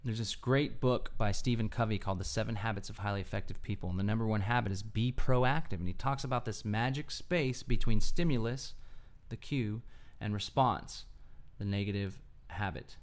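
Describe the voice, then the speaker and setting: A man's voice: on the low side, moderate pace. A man giving an earnest solo talk about mindfulness, explaining his points step by step and often checking in with "right?". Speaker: mindfulness speaker.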